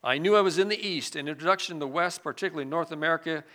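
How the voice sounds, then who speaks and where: Bright-voiced man preaching with dramatic swings. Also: fairly high pitch, very fast. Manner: expressive, swings between loud emphasis and hushed asides. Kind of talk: sermon with scripture reading.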